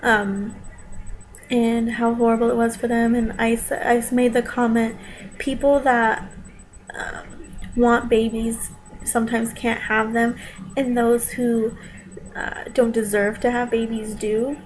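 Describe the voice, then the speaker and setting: A woman's voice: on the high side, flat delivery, measured pace, darkish tone, poor audio. A young woman vlogging from home, talking straight to her viewers in a defensive, emotional rant, close to tears at times. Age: young adult.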